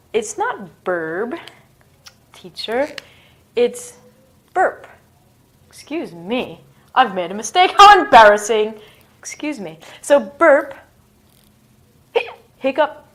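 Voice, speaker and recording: A woman's voice: medium pitch, sing-song, very slow, long pauses. A woman giving a casual English lesson in a playful, self-mocking way, acting out bodily noises as she explains them. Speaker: English teacher.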